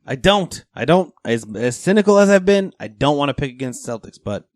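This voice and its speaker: A man's voice: fairly high pitch, big pitch swings, a little fast, no echo, studio quality. A man co-hosting a sports podcast, talking casually and animatedly, swearing freely and often repeating words as he starts a thought. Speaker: podcast co-host.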